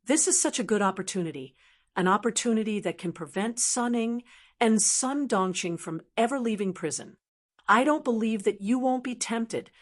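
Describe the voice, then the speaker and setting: A woman's voice: fairly high pitch, lively intonation, moderate pace. Woman reading a sinister scheming father. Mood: bitter. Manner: gritted-teeth, pleading then menacing. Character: scheming bitter middle-aged father, sinister. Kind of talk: audiobook character reading.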